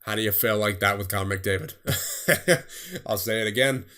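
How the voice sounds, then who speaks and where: A young man giving casual commentary on a sports management game, reading scores in quick bursts and laughing at himself. His voice is getting tired. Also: fairly low pitch, fairly even intonation, sharp tone. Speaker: gaming streamer.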